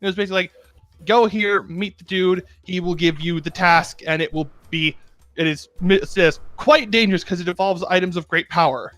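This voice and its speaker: A man's voice: high-pitched, brisk, a bit bright, dry recording, faint music behind. A man narrating a tabletop game as game master, casual and chatty, often laughing at his own story.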